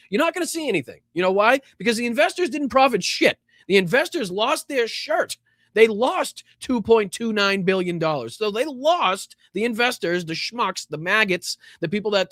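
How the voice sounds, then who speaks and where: A man's voice: sits high, fairly bright tone, dry recording, studio quality. A man hosting a livestream of political commentary, talking in a sarcastic, scornful way with frequent laughter.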